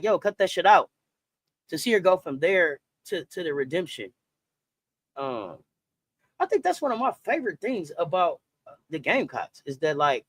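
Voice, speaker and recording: A man hosting a casual livestream sports chat, animated and slangy, greeting viewers and reading their comments aloud. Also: on the high side, dry recording. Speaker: sports talk host.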